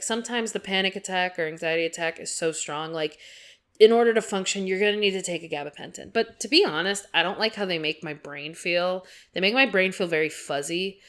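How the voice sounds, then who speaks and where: A woman's voice: fairly low pitch, fairly bright tone. A young woman speaking casually and candidly, rambling through a personal story with many fillers and tangents. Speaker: art vlogger. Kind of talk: casual personal talk over a speed drawing.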